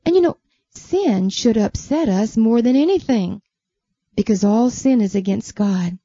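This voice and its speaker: A woman telling a Bible story to children, gently asking them questions along the way. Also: mid-range voice, no room sound, highs cut off.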